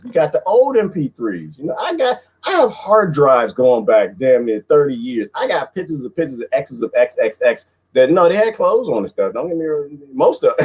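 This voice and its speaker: A man hosting a casual livestream chat, animated, often jumping into high-pitched bits and laughing as he talks to viewers. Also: breathy edge. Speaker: livestream host.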